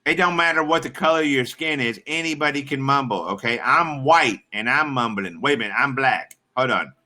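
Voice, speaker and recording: A man's voice: mid-range voice, brisk, sharp tone. A man chatting on his live stream in a rambling, crude and profane way. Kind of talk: casual live-stream chat.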